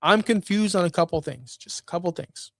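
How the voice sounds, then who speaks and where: A man's voice: sits high, brisk, dry recording, studio quality. A man hosting a wrestling show, ranting in a blunt, profane, exasperated way. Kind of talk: casual rant commentary.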